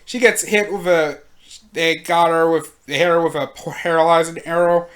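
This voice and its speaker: A host giving casual video commentary in a slangy, animated way, laughing often. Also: mid-range voice, normal speed.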